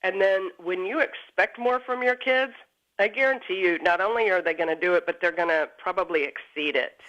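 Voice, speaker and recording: A woman's voice: on the low side, fairly quick. A woman parenting guest giving emphatic, upbeat advice as a remote guest on a morning TV show. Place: Dallas. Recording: lo-fi remote line.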